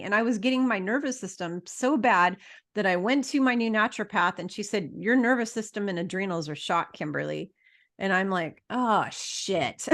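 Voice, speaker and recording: A woman's voice: medium pitch, fairly bright tone. Emphatic, blunt-talking middle-aged woman. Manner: emphatic, blunt, swears freely, lectures the audience. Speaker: podcast host. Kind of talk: casual conversational interview.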